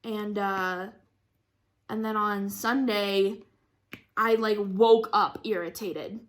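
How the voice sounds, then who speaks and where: A woman's voice: medium pitch, steady tone, slow. A young woman chatting casually about her week while crafting, rambling with lots of fillers and frequent laughs. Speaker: craft vlogger.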